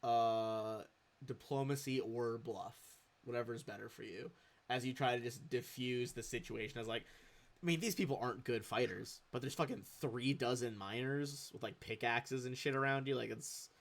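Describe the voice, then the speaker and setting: A man's voice: medium pitch, moderate pace. A man running a tabletop game as game master, narrating loosely with a lot of swearing. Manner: loose, swears, lots of fillers.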